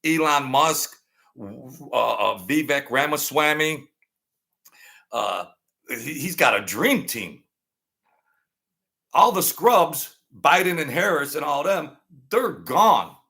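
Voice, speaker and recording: A man's voice: on the high side, very animated, slow, creaky, long pauses, sharp tone. A man hosting his own channel, delivering combative, sarcastic political commentary and repeating lines for emphasis.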